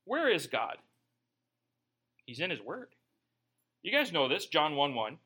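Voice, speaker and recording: A man's voice: a little high, huge pitch swings, unhurried, sharp tone, husky. A man preaching a sermon in a conversational way, with joking asides. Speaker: pastor.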